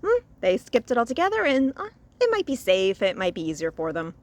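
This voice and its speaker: Animated, chatty woman reviewer. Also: a little high, brisk. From Louisiana. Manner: chatty and expressive, with frequent laughs and sighs. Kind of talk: casual spoken review. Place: outdoors in a cemetery.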